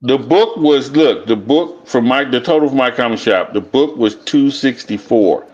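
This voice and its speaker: A man's voice: mid-range voice, animated, moderate pace, darkish tone. A man talking casually and bluntly, swearing often and repeating himself as he tells a story. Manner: blunt, profane, repeats himself while telling stories. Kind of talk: casual chat. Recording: dull lo-fi sound.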